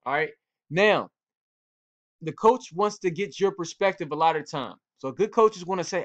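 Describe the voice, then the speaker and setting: A man's voice: sits high, expressive, a little fast, fairly bright tone. A football coach giving casual instruction to young players, talking directly to them and repeating his points the way a coach urges a team. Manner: direct, repetitive, coach-like urging. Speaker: football coach and cornerback trainer.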